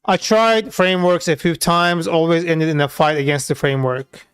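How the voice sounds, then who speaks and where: A man's voice: on the high side, steady tone, moderate pace, fairly bright tone, clean tone. A man talking loosely through a live coding session, with many filler words and casual swearing. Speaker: software developer streaming his coding work.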